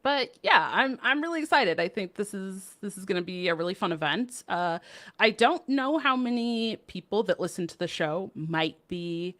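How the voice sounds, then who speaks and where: A woman's voice: medium pitch, expressive, moderate pace, a bit bright. A woman co-hosting a card game podcast in casual chat, upbeat and chatty with frequent laughs. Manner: upbeat and chatty, laughs often, many fillers. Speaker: podcast co-host.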